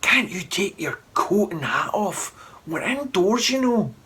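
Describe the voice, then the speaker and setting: Unlucky schoolboy sleuth, voiced by a man reading aloud: low, confiding, animated. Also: normal speed, husky, full character voice. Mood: puzzled. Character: unlucky, curious young boy detective.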